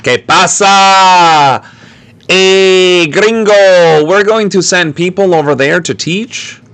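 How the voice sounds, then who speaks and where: A man voicing an excitable male school official with a put-on Spanish accent, exaggerated and sing-song. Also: high-pitched, slow, smooth, no echo, voice pushed up, full character voice. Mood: mocking.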